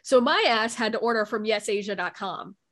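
A woman's voice: medium pitch, a little fast, fairly bright tone. A young woman co-hosting a podcast, chatting casually with a frank, joking manner and some swearing. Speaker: podcast co-host. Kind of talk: casual chat.

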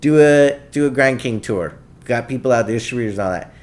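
A man, a podcast guest, tells his stories in a laid-back way and voices other people as he goes. His voice sits at a middle pitch for a man. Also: quick pace. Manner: laid-back, animated anecdotes with quoted voices. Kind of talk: casual storytelling.

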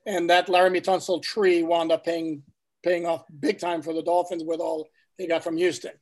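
A man's voice: a little high, little pitch movement, moderate pace. A man guest reporter discussing football in casual talk, making emphatic points.

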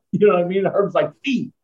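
A man's voice: high voice, moderate pace, warm tone. A man, a former strength coach, rambling through anecdotes in a casual chat with lots of fillers. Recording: dull lo-fi sound.

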